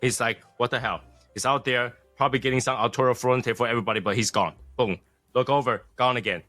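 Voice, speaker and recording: A man co-hosting a casual podcast chat, telling stories and acting out scenes with lively energy. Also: medium pitch, fast, no room sound, faint music behind. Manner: animated storytelling, acts out scenes. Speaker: podcast co-host.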